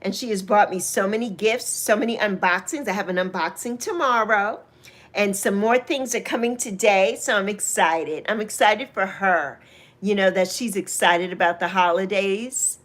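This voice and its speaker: A woman in her sixties hosting a casual livestream chat. She greets viewers by name, speaks openly about her feelings, laughs easily and swoops up into excited highs. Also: unhurried. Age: 60s. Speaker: livestream host.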